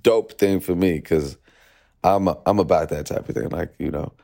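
A young man with a deep, low voice talks through his thoughts slowly and reflectively. He fills his sentences with "you know" and "like" as he works out what he means. The delivery is casual and unhurried, like a musician opening up in an interview. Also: creaky, mellow. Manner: reflective, thinks aloud with many fillers. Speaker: musician guest.

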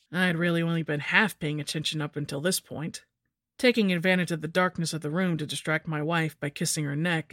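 A woman's voice: on the low side, dry recording, clean studio sound. A woman narrating a scripted horror story in a wry, sardonic first-person voice.

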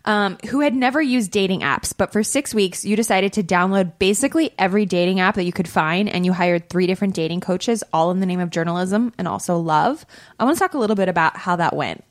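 A woman co-hosts a dating podcast in a loose, chatty way, peppering her talk with "like". Her voice sits at an ordinary middle pitch for a woman. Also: quick pace. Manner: chatty, lots of "like". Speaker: podcast co-host. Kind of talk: casual chat.

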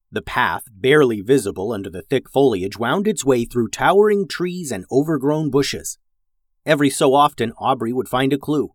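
Male storyteller, expressive and animated, close dry mic. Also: medium pitch, no echo. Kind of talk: storybook narration.

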